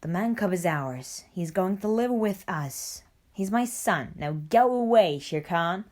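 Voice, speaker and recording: A woman's voice: fairly low pitch, animated, a little slow, a little mellow. Mother Wolf, a woman playing a brave wolf mother. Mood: fierce. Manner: bold, protective. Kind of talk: storybook reading.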